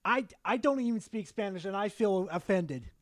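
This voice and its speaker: A man's voice: high-pitched, animated, normal speed, no echo. A man streaming a reaction to a video, swearing often and mocking what he hears with exasperated bluntness. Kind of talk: profane reaction commentary.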